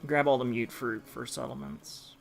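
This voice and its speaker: A man's voice: mid-range voice, big pitch swings, normal speed, gravelly. Rambling man narrating gameplay. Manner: rambling, with many fillers and restarts. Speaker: gameplay commentator. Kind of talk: casual let's-play commentary. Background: game music.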